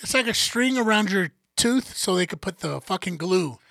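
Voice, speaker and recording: A high-voiced man with a gravelly, bright edge tells a story in loose, profane podcast chat. He acts out every quote, and his voice sounds close and dry. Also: animated, normal speed, no room sound. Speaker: podcast co-host.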